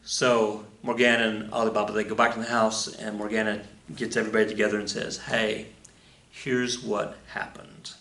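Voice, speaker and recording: A man's voice: on the low side, completely flat delivery, fast, pushed and bright. A man, a teacher, casually telling a story to his students, loose and playful with asides. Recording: roomy echo.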